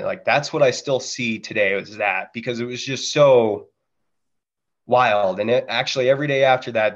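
A man's voice: lowish voice, dull audio. A man, a Marine veteran and podcast guest, telling war stories in a candid, profane, casual way and mimicking gunfire sounds. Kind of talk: casual storytelling.

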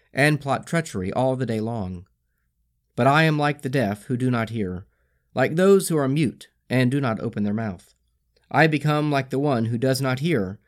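A man reads scripture in a solemn, measured voice. His pitch sits mid-range but rises and falls a great deal, so each line sounds expressive rather than flat. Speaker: scripture reader.

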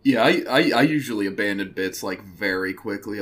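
A young man co-hosting a casual podcast, animated, swearing freely and laughing often. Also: lowish voice, fairly quick, hardly any pauses. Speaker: podcast co-host.

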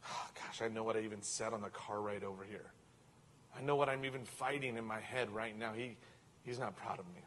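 A male pastor, preaching a sermon that moves from hushed near-whispers to loud, emphatic passages. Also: fairly low pitch, brisk, slight background noise.

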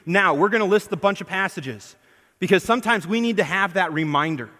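In a church hall with long reverb, a pastor preaches a little fast in a high-sitting, pushed, bright voice. Emphatic, he puts questions to the congregation and dramatizes the words he quotes.

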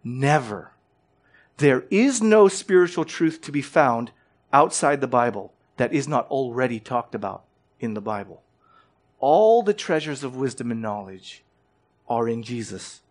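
A man's voice: medium pitch, animated, unhurried. A man preaching a sermon as pastor. He presses his points with direct questions and rising emphasis, and often repeats words as he starts a phrase.

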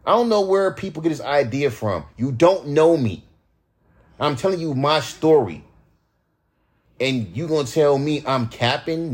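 A man's voice: a little high, lively intonation, a little slow, slightly rough. A man in his thirties, a rapper hosting his own podcast, ranting in casual, heated, profane talk.

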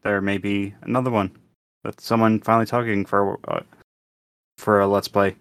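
A man's voice: fairly low pitch, level tone, moderate pace, smooth. A man co-hosting a gaming podcast, chiming in with short, laid-back remarks. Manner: brief, laid-back interjections. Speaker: podcast co-host. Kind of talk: casual chat.

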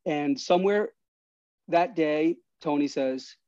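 Animated New man telling stories. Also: fairly high pitch, takes it slowly, no echo. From New York. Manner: animated, restarts, laughs mid-story. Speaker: podcast guest. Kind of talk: casual storytelling. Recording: slightly dull dry recording.

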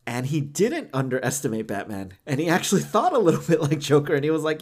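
A man's voice: fairly high pitch, big pitch swings, fast, few pauses. A man co-hosting a podcast in casual chat, who laughs often, fills his talk with "like", and acts out what others might say. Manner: laughs often, many "like" fillers, acts out quoted voices. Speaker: podcast co-host.

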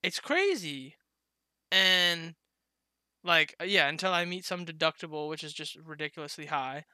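A young man talks loosely with a friend, rambling, laughing and cursing as he goes. His voice is very bright and smooth, a little higher than most men's. The sound is dry and close. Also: animated, normal speed, no echo. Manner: laughs often, swears freely, rambling. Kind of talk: casual podcast chat.

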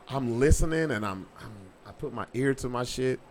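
A man's voice: mid-range voice, darkish tone, slight background noise. A man hosting a podcast, telling stories in casual chat with a swaggering, profane delivery. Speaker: podcast host.

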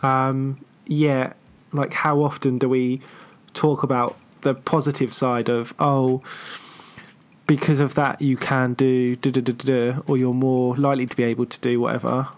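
A woman hosting a conversation, reflecting thoughtfully and hesitantly, with frequent "um" pauses. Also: very deep voice, flat delivery.

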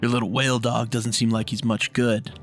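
A man's voice: medium pitch, flat delivery, moderate pace, faint music behind. Laid-back man running a tabletop game. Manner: laid-back, casual narration with filler words. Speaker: game master.

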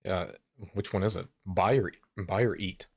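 A man's voice: sits low, fairly even intonation, moderate pace, vocal fry, breathy edge, no echo. A man co-hosting a live stream, teasing his co-host and laughing often. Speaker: podcast co-host. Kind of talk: casual chat.

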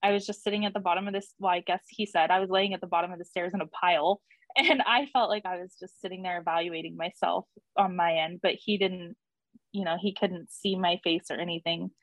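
A young woman chatting through a personal story as an interview guest, animated when she quotes people and laughing often. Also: fairly low pitch, a little fast, dry recording, low-quality recording. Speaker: guest telling her birth story.

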